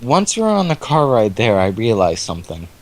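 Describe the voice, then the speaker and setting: A man with a fairly low voice and huge swings in pitch talks a little fast as a co-commentator beside a friend's gameplay. He jokes around and tells rambling stories in an easygoing chat.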